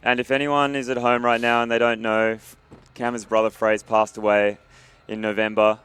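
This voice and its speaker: A man's voice: on the low side, level tone, normal speed, fairly bright tone, clear, resonant tone. A man hosting a post-match stage interview, supportive and brief, then wrapping up the broadcast. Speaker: caster and host.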